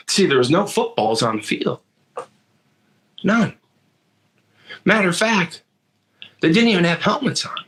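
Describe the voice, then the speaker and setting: A man's voice: sits high, sing-song, measured pace, pauses often, a bit bright. A man in his sixties from Michigan, telling a personal story in an earnest monologue full of restarts and repeated words. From Michigan, USA. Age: 60s. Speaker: motivational speaker.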